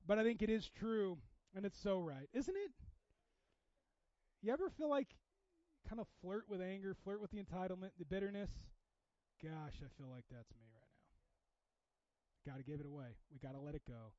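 Male pastor, high voice, chatty sermon delivery, loud pushes and hushed asides, dull dry recording. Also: expressive, normal speed, long pauses, no echo. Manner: conversational, swinging from loud exhortation to hushed asides.

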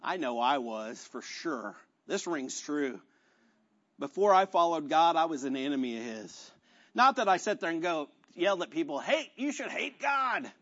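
A male pastor preaching a sermon in a conversational, animated style, acting out quotes as he tells stories. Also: fairly high pitch, moderate pace, muffled recording.

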